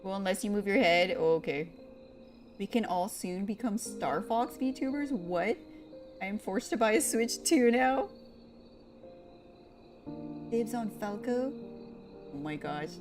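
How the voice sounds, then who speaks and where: A woman's voice: medium pitch, expressive, measured pace, long pauses, music in the background. A young woman, playfully chatting with her viewers by name while streaming a cozy game. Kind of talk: casual live-stream chat with chat.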